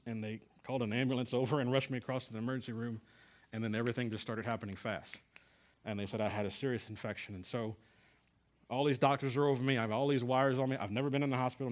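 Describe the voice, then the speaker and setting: Man, middle-aged, sermon testimony, earnest, halting restarts, mid-pitched voice. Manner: earnest storytelling with repeated restarts. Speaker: Bible class teacher.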